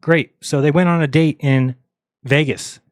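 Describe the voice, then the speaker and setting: A man's voice: on the high side, fairly even intonation, measured pace, dry recording. A man hosting a livestream, ranting bluntly and mockingly, acting out the lines of people he quotes. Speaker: livestream host. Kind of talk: casual livestream rant.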